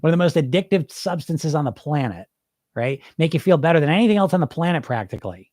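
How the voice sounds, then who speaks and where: A man's voice: a little high, lively intonation, fast, a little mellow, dry recording, studio quality. A middle-aged man who coaches weight loss, talking informally and bluntly on a podcast, asking his listeners rhetorical questions. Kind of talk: live podcast talk answering listeners.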